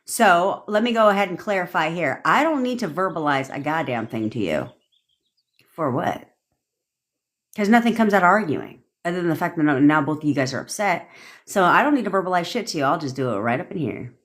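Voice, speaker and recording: A very animated young woman, fairly low in pitch, coaches on manifestation during a brisk livestream rant. She's blunt and swears plenty, breaking into laughter frequently.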